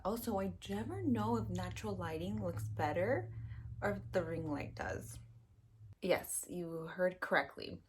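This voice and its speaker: A woman's voice: on the low side, a little slow, darkish tone, slight background noise. A young woman vlogging about books in a chatty, gushing way, full of fillers and acted-out reactions. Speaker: book vlogger. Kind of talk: casual chat.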